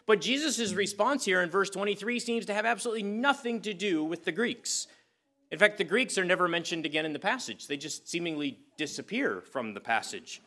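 A man's voice: sits high, animated, a little fast, sharp tone. A man preaching a sermon as pastor, reading scripture and praying, conversational with frequent "uh" fillers.

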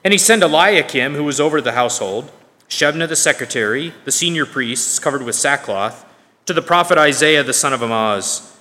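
A man reading scripture aloud in a measured, emphatic way, now and then correcting himself. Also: fairly high pitch, lively intonation, pushed and bright. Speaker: scripture reader. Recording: long reverb of a large hall.

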